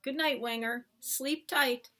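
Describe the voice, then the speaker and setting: A woman's voice: high-pitched, fairly even intonation, slow, bright, forceful tone, pitched above the performer's own voice, exaggerated voice. A woman doing an earnest young boy. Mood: tender.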